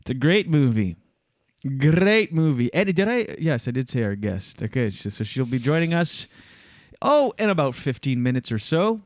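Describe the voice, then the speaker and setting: A man's voice: medium pitch, sing-song, moderate pace, no room sound. Jokey, rambling male podcast host whose first language is French, dry close sound. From Atlantic Canada. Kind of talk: casual chat.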